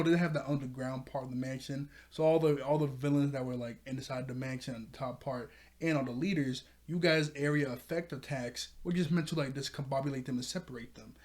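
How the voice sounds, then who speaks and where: A man's voice: medium pitch, fairly even intonation, fairly quick, hardly any pauses, darkish tone. A man casually recapping an anime episode, rambling with lots of fillers and frequent chuckles. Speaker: anime reviewer.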